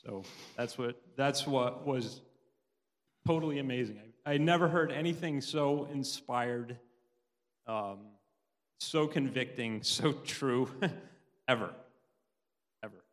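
A middle-aged man giving a tearful, halting personal testimony in church. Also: mid-range voice. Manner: halting, many restarts, laughs often. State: tearful, sobbing at times. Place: church hall. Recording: long hall reverb.

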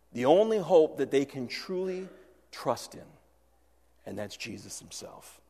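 A man preaching a sermon, earnest, voicing the disciples' fears aloud and dropping to a hush at key lines. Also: mid-range voice. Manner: earnest, swings from loud to hushed. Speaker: pastor. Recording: long hall reverb.

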